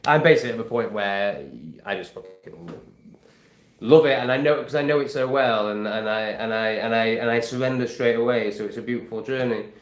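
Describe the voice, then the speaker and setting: A man's voice: mid-range voice, fast, hardly any pauses, reverberant. A man in his forties chatting casually to camera, rambling and swearing freely as he restarts his sentences. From England. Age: 40s. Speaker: vlogger.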